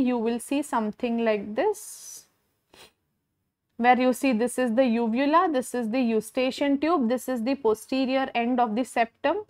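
High-voiced Indian woman lecturing medical students. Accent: Indian English. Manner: encouraging, repeats key points, mixes Hindi into English. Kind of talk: online exam-prep lecture.

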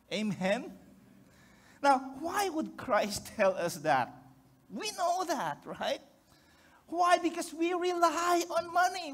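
High-voiced Filipino pastor preaching. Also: male voice, a bit bright. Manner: joking, keeps asking the congregation for responses. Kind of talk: conversational sermon.

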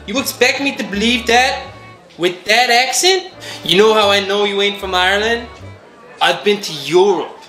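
A man's voice: high voice, moderate pace, pushed and bright, voice pushed up. A man voicing a cocky young male bar-goer who talks in a brash, dismissive, slangy way. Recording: echoey room with music.

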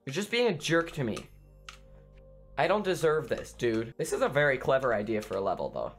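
Excitable male gaming YouTuber; lively, screamy let's play commentary with goofy sound effects. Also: mid-range voice, fairly quick, faint music behind.

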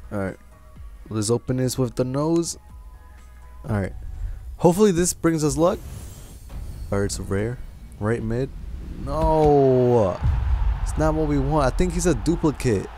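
A man's voice: medium pitch, mellow. A man hosting a gaming channel, giving casual commentary, frustrated and swearing as he grumbles about bad luck.

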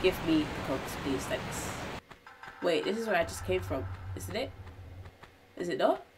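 A young woman giving live commentary on a game she is streaming, talking to herself and her viewers and gasping and shouting when something startles her. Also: on the low side, measured pace, background noise. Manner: excitable, gasping and shouting at surprises.

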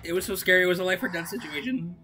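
A woman streamer chatting casually while gaming, excitable, laughing often and swinging between moping and yelling. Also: on the low side, racing, background noise.

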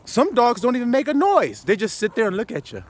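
A man's voice: very high-pitched, sing-song, fairly quick, slight background noise. A man preaching a confrontational, profane sermon full of rhetorical questions. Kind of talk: fiery street sermon.

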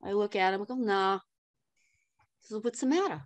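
An older woman, a podcast guest, telling a story in an animated way with frequent laughs and acted-out dialogue. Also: mid-range voice, normal speed, no room sound. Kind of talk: storytelling interview.

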